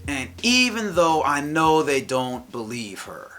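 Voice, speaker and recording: A man's voice: a little high, very animated, measured pace, a bit bright. Guy rambling thru a story on a podcast, lots of restarts, music in the background. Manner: rambling, restarts, quotes others in raised voice. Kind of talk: casual storytelling chat.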